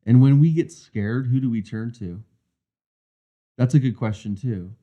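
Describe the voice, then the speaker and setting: A man's voice: medium pitch, a little slow. A man co-hosting a marriage coaching podcast, talking in an earnest, reflective way. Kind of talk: casual podcast conversation. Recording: dull, muffled lo-fi sound.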